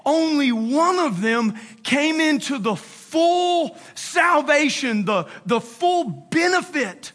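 A man preaching a casual, slangy sermon, retelling a Bible story with animated acted-out quotes. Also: extremely high pitch, slow pace, hardly any pauses. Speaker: pastor.

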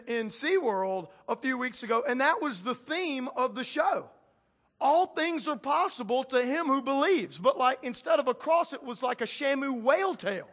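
A pastor with a strikingly high voice gives a conversational sermon. He retells scripture in plain speech and acts out the characters as he goes. His delivery shifts between hushed moments and loud, emphatic ones.

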